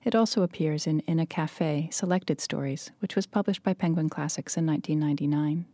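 A woman host reading a scripted outro in a crisp, informative way. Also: low voice, brisk, mellow, no echo. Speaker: podcast host.

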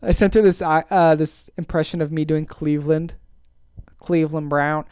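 A man's voice: fairly high pitch, fairly even intonation, moderate pace, darkish tone, clean tone, dry recording. A man hosting a casual solo podcast, rambling and self-deprecating with many fillers. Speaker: podcast host.

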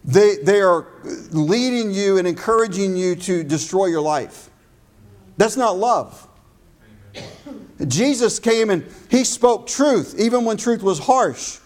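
A man with a high voice preaches a sermon. His delivery is emphatic, and he slows and stresses his key phrases. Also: expressive, darkish tone. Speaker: pastor.

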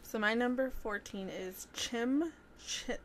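A woman's voice: fairly high pitch, slow pace, fairly bright tone, a little hiss or hum. Young mother, casual and profane. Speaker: co-host. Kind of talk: casual chat.

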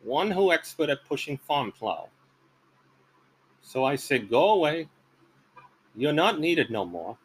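A man's voice: fairly high pitch, big pitch swings, slow, pauses often, slight background noise, pitched above the performer's own voice, heavily acted, poor audio. A man doing a gloating strongman in broken English.

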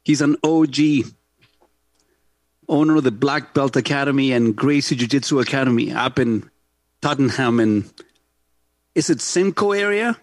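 A man's voice: mid-range voice, moderate pace, long pauses, no room sound. A middle-aged man hosting a talk show, chatting loosely and laughing often. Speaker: podcast host. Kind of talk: casual talk-show chat. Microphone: studio mic.

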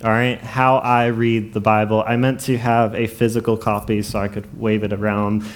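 A man's voice: lowish voice, level tone, moderate pace. A man preaching a casual sermon, chatty and laughing at his own jokes.

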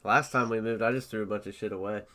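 A man hosting a casual podcast, laid-back and often trailing off quietly. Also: fairly low pitch, steady tone, fast, a little hiss or hum. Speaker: podcast host. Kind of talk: casual chat.

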